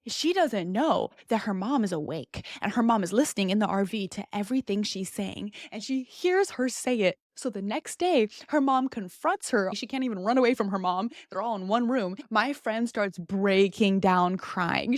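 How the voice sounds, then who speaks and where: A woman's voice: medium pitch, normal speed, few pauses, no echo, clean studio sound. A young woman hosting a podcast, talking in a candid, chatty monologue full of "like". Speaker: podcast host.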